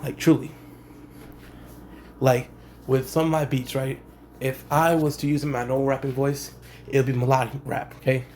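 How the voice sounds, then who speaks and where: A young man, a rapper, speaking in a laid-back, slangy way with a monotone delivery in a casual vlog. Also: medium pitch, normal speed, long pauses, a little hiss or hum. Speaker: rapper and channel host. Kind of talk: casual talking-head vlog.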